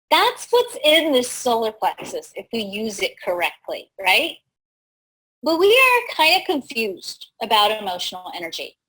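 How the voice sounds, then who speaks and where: A woman hosting a live talk, teaching in an animated way, laughing easily and often asking "right?". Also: a little high, breathy edge, poor audio. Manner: laughs easily mid-sentence. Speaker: host.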